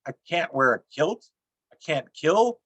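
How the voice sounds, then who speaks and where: A middle-aged man reading his own poems on a video call, with a dry, deadpan delivery and self-mocking jokes. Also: fairly high pitch, measured pace, slightly rough, dry recording, lo-fi sound. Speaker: featured poet. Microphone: computer mic on a video call.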